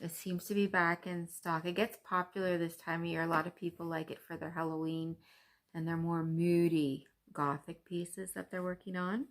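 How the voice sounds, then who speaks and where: A woman's voice: lowish voice, little pitch movement, moderate pace. A woman from Canada chatting casually and cheerfully to her viewers about her stitching, with frequent ums. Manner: chatty, upbeat, with many ums. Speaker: cross-stitch vlogger.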